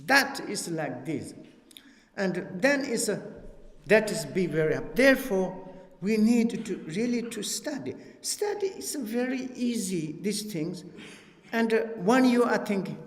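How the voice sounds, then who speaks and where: High-voiced man teaching in an echoing hall. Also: a little slow. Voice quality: non-native broken English. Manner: lively, laughing, acts out dialogues. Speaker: Buddhist teacher. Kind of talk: dharma teaching at a retreat. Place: retreat hall. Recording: echoey hall, long reverb.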